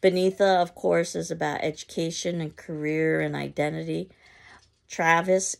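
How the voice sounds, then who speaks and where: Low, heavily creaky-voiced woman teacher. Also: darkish tone. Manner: measured, explanatory, with occasional ums and restarts. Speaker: literature teacher. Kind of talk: recorded literature lecture.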